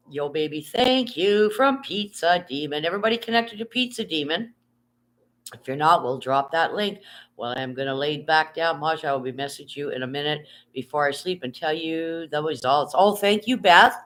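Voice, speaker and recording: Stretched out in bed at home, a streamer holds a phone and talks loosely, wandering between topics and reading out comments from viewers. Their voice sits at a medium pitch with a touch of brightness and an unhurried, moderate pace.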